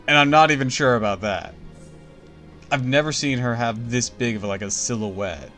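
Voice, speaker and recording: A man streaming a game, commenting casually and excitably, swearing and laughing often. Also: medium pitch, moderate pace, faint music behind.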